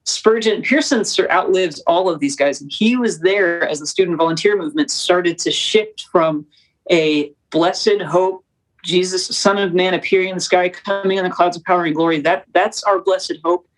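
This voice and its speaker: Young woman, interview guest, fast preacherly storytelling, lively delivery. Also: on the low side, poor audio. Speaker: documentary producer, guest. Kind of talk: conversational interview.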